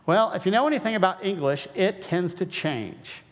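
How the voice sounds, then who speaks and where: A man from Western Illinois gives a folksy, conversational lecture, asking his listeners one rhetorical question after another. His voice sits a little high for a man. The recording is dull and muffled, with a long reverb from a big hall. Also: expressive, normal speed. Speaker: creationist speaker. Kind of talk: lecture-style talk.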